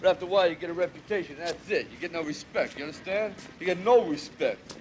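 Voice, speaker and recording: An actor playing a streetwise young boxer who lectures in plain street slang. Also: male voice, fairly high pitch, fast talker, slight background noise, lightly acted, rough recording. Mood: lecturing. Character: streetwise young male boxer, gentle big-brother type. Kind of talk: film drama acting.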